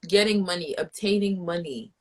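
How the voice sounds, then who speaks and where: A woman's voice: fairly low pitch, normal speed. A woman host in casual chat, ranting in a profane, fired-up way.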